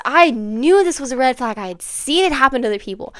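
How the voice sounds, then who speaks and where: A young woman chatting casually on her vlog, swinging from hushed asides to dramatic near-yelling. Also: high voice, animated, quick pace, clean tone, dry recording, studio quality. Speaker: vlogger. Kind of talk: casual chat.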